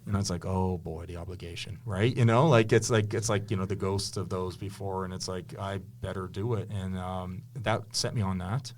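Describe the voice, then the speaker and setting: A man's voice: deep voice, fairly even intonation, normal speed, hardly any pauses. A man, a history teacher and author, telling stories with eager enthusiasm and many restarts in a casual interview. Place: indoors with a podcast host.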